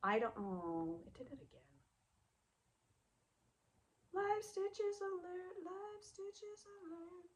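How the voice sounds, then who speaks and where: A woman hosting a knitting vlog, chatting casually and rambling, often trailing off into soft asides. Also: medium pitch. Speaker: knitting podcast host.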